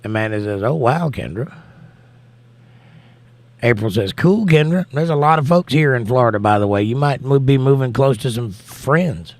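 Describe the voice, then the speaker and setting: A man's voice: mid-range voice, expressive, moderate pace, darkish tone, dry recording. A man hosting a livestream, reading viewer comments aloud and answering them in casual chat.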